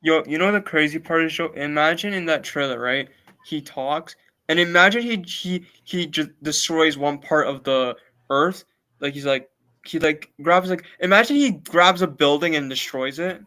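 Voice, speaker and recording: A man on a casual live stream, talking excitedly and filling his speech with "bro" and "like". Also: a little high, normal speed. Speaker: watch party co-host.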